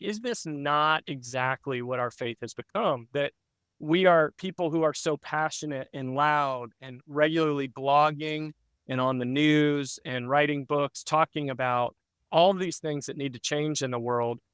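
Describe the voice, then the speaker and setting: A pastor speaking as a podcast guest, telling a story in an earnest, reflective way with frequent fillers. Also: male voice, on the high side, a little slow, a bit bright, clear, resonant tone, dry recording.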